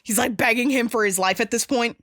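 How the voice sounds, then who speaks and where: Bright-voiced woman gushing over a movie. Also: on the high side, fairly quick, no echo, studio quality. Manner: excited, profane retelling with lots of fillers. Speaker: podcast host. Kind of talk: casual movie recap.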